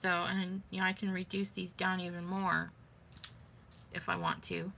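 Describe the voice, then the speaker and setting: A woman's voice: fairly low pitch, flat delivery, moderate pace, vocal fry, pushed and bright, a little hiss or hum. A woman vlogging in a casual, rambling way, thinking aloud as she shows her beadwork. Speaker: vlogger showing beading crafts. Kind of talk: casual chat.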